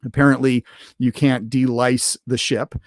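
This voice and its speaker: A man at a middle pitch talks through an episode recap in a loose, unscripted way. He rambles, trips over his words, and fills the gaps with ums and uhs. The sound is dry and close. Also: level tone, a little slow, no room sound. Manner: rambling, many fillers and restarts. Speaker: podcast host reviewing an episode.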